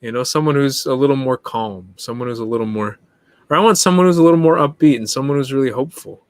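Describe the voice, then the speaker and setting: A man speaking as a podcast guest in casual conversation, animated and quick to list examples, laughing often. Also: mid-range voice, no room sound.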